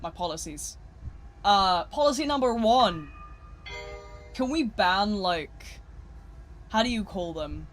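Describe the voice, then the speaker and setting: A British live streamer chatting casually and rambling while gaming, swinging between loud asides and quiet mutters. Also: medium pitch, lively intonation, takes it slowly, long pauses, soft background music.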